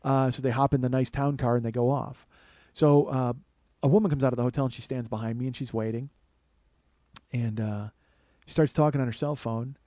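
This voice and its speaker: A man in his forties, a comedian hosting his podcast, telling a story in an animated, profane, exasperated way on a close studio mic. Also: mid-range voice, fairly quick, dry recording. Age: 40s. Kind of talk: comic storytelling monologue.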